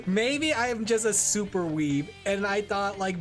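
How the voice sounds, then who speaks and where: A woman from California chatting casually on a livestream while drawing, rambling and laughing often. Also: on the high side. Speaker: VTuber streamer.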